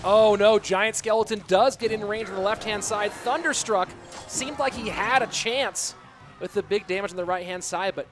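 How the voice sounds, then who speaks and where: A man's voice: sits high, normal speed, soft background music. A young man casting a live esports stream, calling the plays and chatting with viewers. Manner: lively play-by-play, chatting with viewers. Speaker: esports caster. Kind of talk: live stream game commentary.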